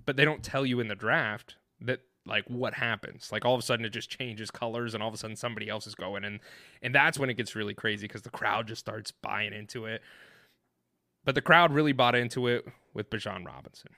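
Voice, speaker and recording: Bright-voiced excited man telling a story. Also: lowish voice, brisk, dry recording, clean studio sound. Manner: excited, rambling, with many restarts and fillers. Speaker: podcast co-host. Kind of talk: animated storytelling in casual chat.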